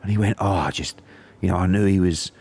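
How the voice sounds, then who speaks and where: A man's voice: sits low, fast talker, creaky, darkish tone. A middle-aged man from England, a podcast guest telling a story in casual chat and acting out quotes in raised voices.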